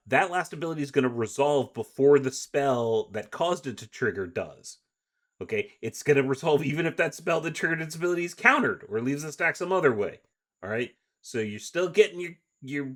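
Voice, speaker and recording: A man's voice: mid-range voice, expressive, a little fast, a bit bright. A man co-hosting a podcast, reading card text aloud and chatting casually with filler words. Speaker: podcast co-host. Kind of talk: casual rules discussion.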